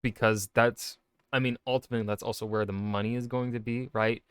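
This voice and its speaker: A man's voice: medium pitch, flat delivery, brisk, clean tone, no echo. A man, an author, giving casual reaction commentary, rambling with many fillers and restarts. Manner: rambling, lots of fillers and self-corrections.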